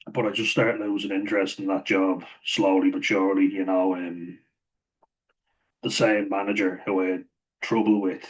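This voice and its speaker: A man's voice: low-pitched, low-quality recording. A man telling a casual story about his past work, rambling with frequent chuckles and fillers. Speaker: vlogger.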